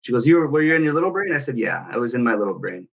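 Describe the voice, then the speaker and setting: A man's voice: medium pitch, very animated, rapid-fire, dull audio. A man, a parenting coach, telling a personal story in an earnest, reflective way. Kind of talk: personal story in casual talk.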